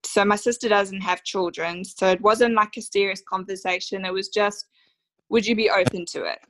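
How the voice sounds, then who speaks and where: A woman's voice: mid-range voice, steady tone, normal speed, fairly bright tone, dry recording, low-quality recording. A woman in her thirties with an Australian accent, telling her personal story as a podcast guest in a heartfelt, emotional way with many fillers. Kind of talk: conversational storytelling interview.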